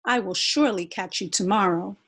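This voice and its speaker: A woman voicing a cheerful, proud young male sun in a storybook, calling out loudly and eagerly. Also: medium pitch, a little fast, slightly rough. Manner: loud and eager, bright calls.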